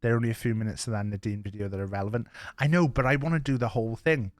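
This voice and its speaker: A man streaming live, chatting casually to his viewers, rambling and swearing with sudden excited outbursts. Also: mid-range voice, racing, no room sound, soft background music.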